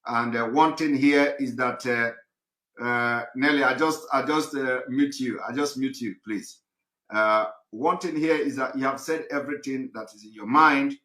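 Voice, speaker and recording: Man, talk show host, bright voice, hesitant, lots of fillers, roomy echo. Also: medium pitch, unhurried.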